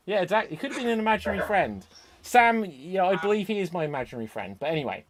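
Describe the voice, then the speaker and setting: A man hosting a live-streamed improv comedy show over a video call, chatty, brisk and self-deprecating. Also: high-pitched, very animated.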